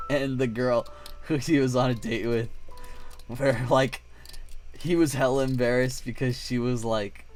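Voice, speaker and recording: A man's voice: medium pitch, fairly even intonation, unhurried, long pauses, darkish tone. A man chatting casually on his livestream while building models, telling rambling stories, acting out voices and sound effects, and swearing freely. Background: faint music playing.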